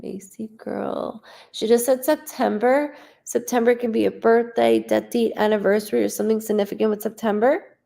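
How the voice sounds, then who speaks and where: Woman, 30s, psychic medium, live reading, chatty, rambling, creaky voice. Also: a little high, steady tone, a little fast, mellow. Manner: chatty, rambling, relays messages with frequent ums and likes.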